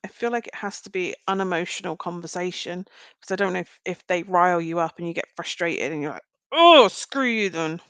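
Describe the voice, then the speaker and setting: A woman's voice: fairly low pitch, fairly even intonation, fast, no echo. Lady doing tarot live, chatty, talks right to you, dry mic. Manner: chatty, speaks straight to viewers. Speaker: tarot reader. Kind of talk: live-stream card reading.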